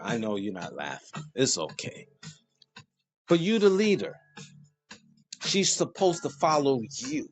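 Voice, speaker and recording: A man hosting a casual monologue, preachy and animated, joking and laughing at his own lines. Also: medium pitch, measured pace, long pauses, soft background music. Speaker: host.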